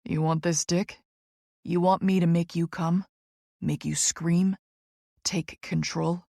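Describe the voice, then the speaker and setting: Lady putting on a bossy young guy, slow and low, kinda gravelly, dry close read. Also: fairly even intonation, dark tone, no room sound, full character voice. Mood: commanding. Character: young man, dominant and teasing lover. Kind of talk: audiobook character voice.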